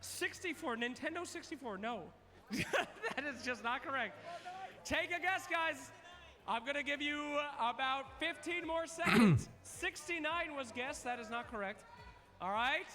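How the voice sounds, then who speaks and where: A man's voice: very high voice, animated, measured pace, music in the background. A man hosting a live trivia contest on stage, playful and teasing as he counts down answers. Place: large event hall. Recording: long arena reverb.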